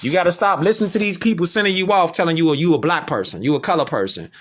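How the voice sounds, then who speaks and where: A man's voice: a little high, fast talker. A man lecturing his audience in an emphatic, preachy way, repeating rhetorical questions. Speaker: online lecturer. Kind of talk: preachy commentary to camera.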